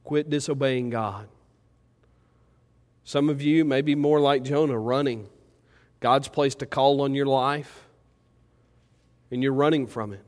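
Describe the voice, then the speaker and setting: A pastor preaching a sermon, moving between loud, urgent pleas and quiet, low reflection. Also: male voice, steady tone, slow pace, long pauses. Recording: church hall with long reverb.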